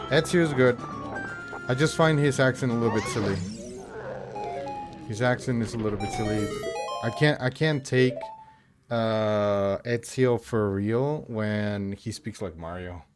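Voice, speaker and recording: A man's voice: fairly low pitch, a little slow, pauses often, music in the background. A man from Mexico chatting casually while streaming a game, rambling with many fillers and restarts. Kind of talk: casual chat while gaming.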